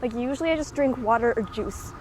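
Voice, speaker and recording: A woman's voice: a little high, fairly quick, noisy background. A young woman rambling in a chatty walking vlog, full of fillers and a little out of breath from walking outdoors. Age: young adult. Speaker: vlogger. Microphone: handheld recording device with clip mic.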